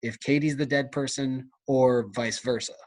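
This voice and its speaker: A man with an American accent, co-hosting a casual book podcast and quizzing his friend in a relaxed, chatty way. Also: medium pitch, moderate pace. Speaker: podcast co-host. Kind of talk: casual chat.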